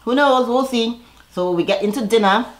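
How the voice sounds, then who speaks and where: A woman's voice: fairly high pitch, normal speed. A woman vlogger giving a casual, opinionated recap commentary, chatty and full of fillers.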